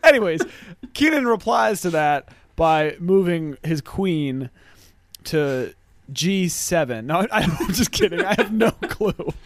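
A man's voice: high voice, lively intonation, no room sound. Guy cohosting a podcast, jokey and laughing, voice jumps all over, dry close sound. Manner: jokey, laughs often, does quick character voices. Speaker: podcast co-host. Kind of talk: casual chat recapping a sitcom episode.

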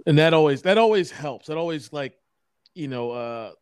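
An easygoing man chatting casually, slightly higher-pitched than most men. His voice is recorded dry and close. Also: animated, moderate pace, a little mellow, clear, resonant tone, no echo. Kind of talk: casual chat.

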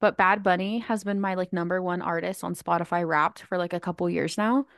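A woman's voice: lowish voice, a little fast, no room sound, clean studio sound. A woman co-hosting a podcast in casual chat, telling stories animatedly with lots of "like". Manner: animated storyteller, laughs, heavy use of "like". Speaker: podcast co-host.

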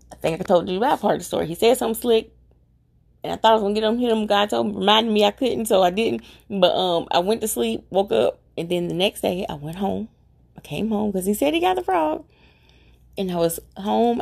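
Middle-aged woman rambling through a family story, gravelly voice, acts out everyone. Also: mid-range voice, mellow. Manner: chatty, repeats herself for emphasis. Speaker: vlogger telling a personal story. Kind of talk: casual storytelling.

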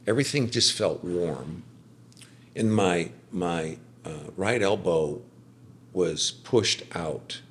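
A middle-aged man, a podcast guest, giving a personal faith testimony in casual conversation, telling it as an animated storyteller. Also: low voice, slow, slight background noise. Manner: animated storyteller, acts out quoted speech.

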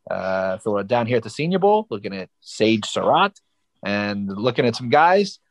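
A man's voice: lowish voice, very animated, normal speed, dry recording. Man breaking down football, dry close mic. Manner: rambling, filler-heavy and emphatic. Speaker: guest sports podcaster. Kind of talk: casual sports analysis chat.

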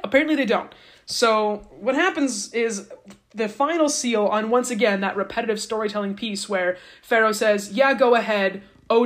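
A woman casually retelling an old story on a podcast. Her voice sits at an ordinary middle pitch. She keeps it playful and jokey, tossing in slangy asides as she goes. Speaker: podcast host.

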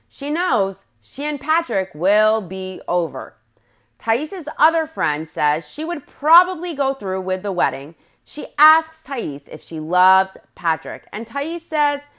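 A woman hosting a podcast, recapping a reality TV episode in a lively, sing-song storytelling delivery. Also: medium pitch. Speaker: podcast host.

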